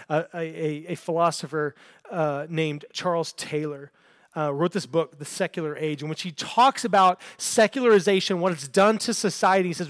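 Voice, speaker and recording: A man's voice: fairly high pitch, dry recording, clean studio sound. A man preaching a sermon in a church, earnest and given to repeating words as he builds a point. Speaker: pastor. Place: church sanctuary.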